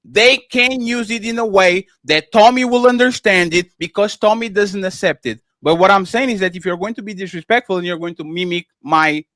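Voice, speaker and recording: A man's voice: high-pitched, normal speed, hardly any pauses, a bit bright, no room sound. A man with a foreign accent, a guest on a streamed panel, arguing insistently and repeating his points. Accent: non-native English. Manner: insistent, repeats himself, presses for proof. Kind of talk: heated panel argument.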